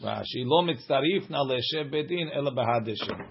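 A man's voice: mid-range voice, lively intonation, brisk, vocal fry, muffled recording, a little hiss or hum. A man teaching a Gemara class, reading the text aloud and translating it with joking asides. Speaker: Talmud teacher.

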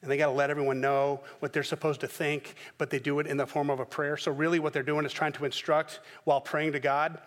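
A man preaching a sermon as pastor, telling the story in a lively way and acting out the characters' voices. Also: a little high, fast talker, hardly any pauses, in a large hall.

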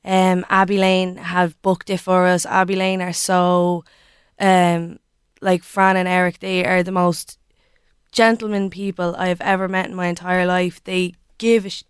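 A woman talking eagerly as a radio guest, her voice low and fairly flat in pitch. It sounds very clear and smooth, dry and close on the studio mic. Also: measured pace, no echo. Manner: eager and effusive, with many fillers. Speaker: interview guest, dance crew leader. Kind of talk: casual radio interview.

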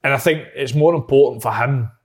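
A man on a football chat panel who reasons things through in a measured way. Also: mid-range voice, breathy edge. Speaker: podcast panelist.

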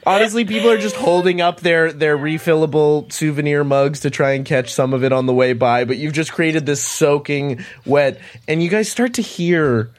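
Male game master, narrates scenes in a rambling, halting way; slightly high voice. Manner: descriptive, halting, full of likes and restarts.

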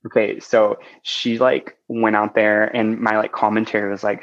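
A man with a low, gravelly voice talks as a podcast guest. He rambles in casual chat with many likes and restarts, and the recording sounds dull and lo-fi. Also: level tone, normal speed, hardly any pauses.

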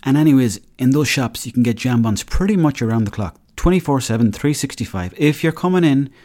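An Irish man in his thirties rambles through his own podcast, joking and acting out little back-and-forth scenes. His voice sits at a middling pitch with a mellow, soft-edged tone. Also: expressive, a little fast. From Ireland. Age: 30s. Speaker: podcast host. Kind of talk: casual solo podcast monologue.

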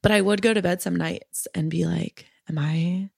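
Woman podcast creator, frank and chatty interview guest, low gravelly voice, dry sound. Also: steady tone, normal speed, a little mellow, no room sound. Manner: frank, chatty, many filler words. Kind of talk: casual interview chat.

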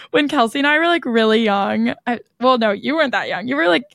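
Chatty young woman, gravelly edge. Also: a little high, expressive, brisk, a bit bright, no room sound, studio quality. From United States. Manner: chatty, storytelling, frequent "like". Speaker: podcast co-host. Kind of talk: casual chat.

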